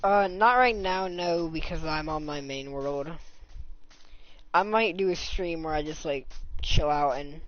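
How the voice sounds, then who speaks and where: A man streaming a video game live, talking in a low-energy, fairly monotone way and swearing casually. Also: unhurried. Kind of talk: casual live gameplay commentary. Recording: muffled lo-fi mic.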